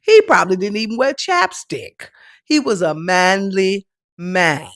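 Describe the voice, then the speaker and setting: A woman hosting a casual chat show, talking in an animated, joking, chatty way. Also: medium pitch, a little slow, no room sound, studio quality. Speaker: host.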